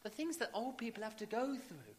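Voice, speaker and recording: A man's voice: high-pitched, very animated, brisk, slightly rough. A man preaching a sermon, emphatic, building to rising repeated questions.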